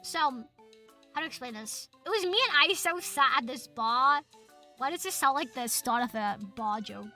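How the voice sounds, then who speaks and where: A young British woman streaming as a VTuber, chatting casually to her chat, excitable and swearing a lot with loud outbursts. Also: high-pitched, moderate pace, faint music behind.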